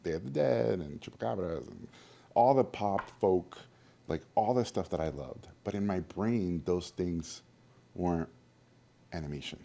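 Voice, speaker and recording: A man with a low, dark, mellow voice tells stories from his past in an interview. He is animated and acts out the people he quotes. His sound stays warm and relaxed throughout. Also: measured pace, vocal fry, a little hiss or hum. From Mexico. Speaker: guest animator. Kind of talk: storytelling interview.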